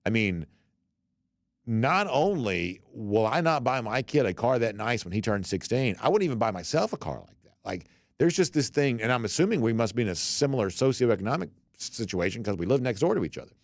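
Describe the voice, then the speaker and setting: A man's voice: medium pitch, big pitch swings, fairly quick, no room sound, studio quality. A man hosting a sports talk show, chatting loosely with many fillers and restarts as he reads out listener comments. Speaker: podcast host.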